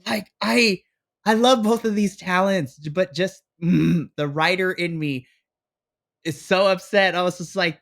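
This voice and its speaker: A man co-hosting a wrestling review podcast, retelling a storyline in an exasperated, animated way with mock dialogue. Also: high-pitched, measured pace, vocal fry. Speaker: podcast co-host. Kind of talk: casual wrestling review chat.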